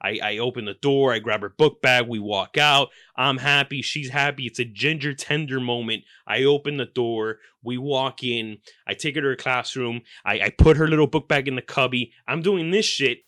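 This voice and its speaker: Male podcast host, profane comic ranter with loud outbursts, bright tone, dry close recording. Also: mid-range voice, normal speed, hardly any pauses, dry recording. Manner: profane, exaggerated ranting with sudden loud outbursts. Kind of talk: comedic storytelling monologue.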